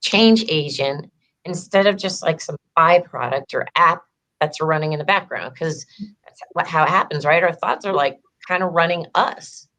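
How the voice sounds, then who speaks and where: A woman's voice: low-pitched, moderate pace, fairly bright tone. A woman empowerment coach telling her story in a casual interview, chatty with lots of fillers and acted-out quotes. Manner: chatty, heavy "like" fillers, acts out quoted dialogue.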